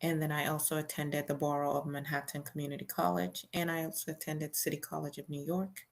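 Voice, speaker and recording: Low, gravelly woman reading a memoir. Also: level tone, brisk. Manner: plain, conversational storytelling with fillers. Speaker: host reading a memoir aloud. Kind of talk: first-person memoir reading.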